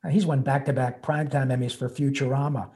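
A man's voice: medium pitch, flat delivery, fast talker, dark tone. An older man, a guest voice actor, telling a story in an interview in an earnest, emotional way, rambling with restarts.

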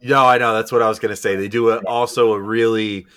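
A man's voice: fairly low pitch, steady tone, fast talker, fairly bright tone. A man co-hosting a podcast, reading out listener questions in a loose, laid-back way and swearing casually. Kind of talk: casual chat.

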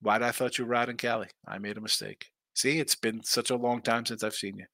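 A man's voice: medium pitch, steady tone, quick pace, pushed and bright, no room sound. A man hosting a live sports betting stream, talking loosely and bantering as he reads viewer comments. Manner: loose, chatty, banters with chat. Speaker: sports betting show host.

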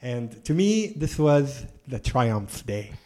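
A man telling a long travel story in casual conversation, animated and laughing often. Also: mid-range voice, slow pace. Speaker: guest storyteller.

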